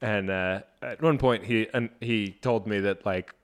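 A man's voice: lowish voice, a little slow, clear, resonant tone. A man hosting a casual podcast chat, playful and teasing in his asides. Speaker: podcast host.

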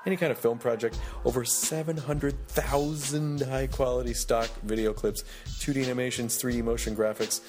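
A man's voice: mid-range voice, steady tone, moderate pace, a little mellow, soft background music. A man hosting a podcast, reading a sponsor spot and intro in a rambling, jokey way full of fillers. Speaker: podcast host.

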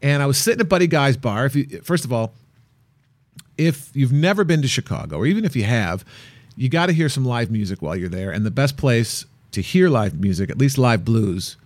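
A man co-hosting a travel show, chatting casually and telling an animated, playful anecdote. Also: mid-range voice, a little fast, dry recording. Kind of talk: casual chat.

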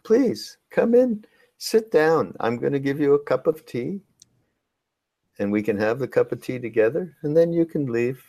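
A man voicing an impression of an elderly spiritual teacher who warmly welcomes a visitor in a high, sing-song voice. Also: lively intonation, normal speed. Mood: welcoming.

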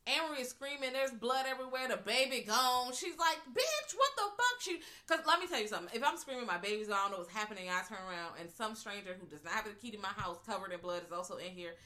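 A woman co-hosting a podcast, retelling a horror movie in casual, profane, expressive chat. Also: medium pitch, rapid-fire, hardly any pauses. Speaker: podcast co-host.

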